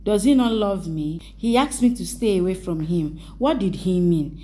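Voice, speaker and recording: A woman's voice: fairly low pitch, animated, moderate pace, warm tone, slight background noise, close to an everyday voice. A woman voicing an upset young wife in a spoken story recap, reading her lines plainly. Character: young wife, hurt and needy.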